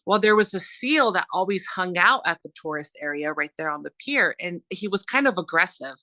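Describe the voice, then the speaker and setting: A woman from Southern California, a podcast guest, telling stories in an animated, rambling way with many fillers. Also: fairly low pitch, fairly quick, dry recording. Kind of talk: conversational storytelling.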